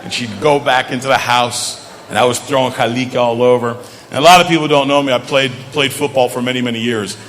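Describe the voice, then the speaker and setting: A middle-aged male comedian doing stand-up, telling lively stories and switching between English and Greek. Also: mid-range voice, fast talker, a little hiss or hum. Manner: animated storytelling, switches into Greek. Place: comedy stage. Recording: reverberant stage hall, faint ambience.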